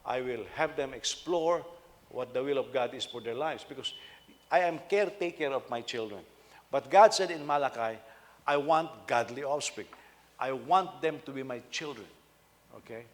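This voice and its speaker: Man, pastor's sermon, talky, rhetorical questions, mid-pitched voice, long hall reverb. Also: normal speed. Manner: conversational, asks the listeners rhetorical questions. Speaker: senior pastor.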